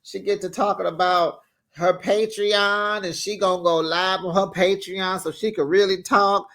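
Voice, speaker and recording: A man's voice: high voice, little pitch movement, normal speed, a bit bright. A man giving casual recap commentary on a reality show, sassy and chatty, laughing often between remarks. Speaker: host of a reality TV recap channel.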